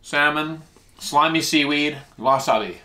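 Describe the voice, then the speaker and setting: A man with a bright, forward tone hosts a casual food vlog. He chats between bites, explaining the dishes in a relaxed, talkative way. His pitch leaps up and down as he reacts to the flavors. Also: a little slow. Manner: chatty, explains Japanese food terms while tasting; eats while talking, with lively jumps in pitch. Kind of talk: casual food-tasting chat.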